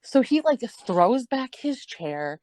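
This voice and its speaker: This podcast co-host, a young adult woman, speaks slowly in a highish, darkish, very animated voice, with no echo. Her storytelling is loose and casual, full of "like," regular cursing and bursts of laughter.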